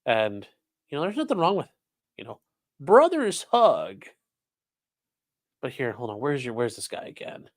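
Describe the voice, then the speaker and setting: A man's voice: medium pitch, wildly swooping pitch, measured pace, long pauses. A man hosting a casual live stream, reacting to news clips with sarcastic, rambling remarks and reading viewer chat aloud.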